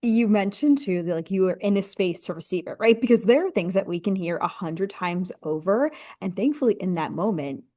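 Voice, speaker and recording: A woman's voice: medium pitch, expressive, brisk, hardly any pauses. A woman hosting a podcast interview, encouraging her guest with open questions. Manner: encouraging, warm prompting questions. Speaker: podcast host. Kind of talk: casual interview.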